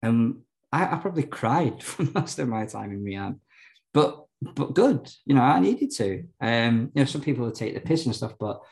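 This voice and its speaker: A man's voice: medium pitch, lively intonation, moderate pace, vocal fry, a little mellow, poor audio. A man, a podcast guest telling his story candidly, rambling with lots of fillers and restarts.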